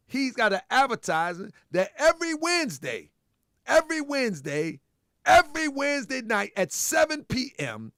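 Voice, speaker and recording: Loud animated livestream host, gravelly. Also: male voice, high-pitched, dry recording, clean studio sound. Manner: loud, laughing, repeats himself, talks to chat and callers.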